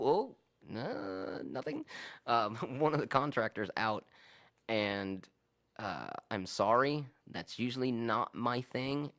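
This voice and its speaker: A man chatting casually on a podcast, telling a work story in an animated way and acting out both sides. He swears freely, and his pitch sits in the middle range for a man. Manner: animated, profane, acts out both sides of arguments.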